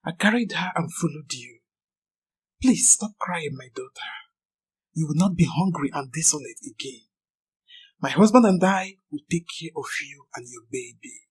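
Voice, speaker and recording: Lady doing a husky gentle older woman, kind and soothing, lowish voice. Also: lively intonation, normal speed, full character voice.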